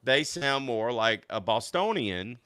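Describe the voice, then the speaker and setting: A Louisiana man hosts a laid-back podcast chat in a bright, crisply clear, medium-pitched voice. He's excitable, laughs a lot, and stumbles through quick restarts. The sound is dry and close, with no echo or room.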